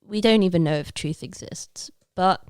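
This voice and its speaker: A woman's voice: lowish voice, normal speed, smooth, no room sound, studio quality. A young woman from Leicester, England, chatting as a podcast guest, joking and free-associating with frequent laughs. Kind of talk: casual chat.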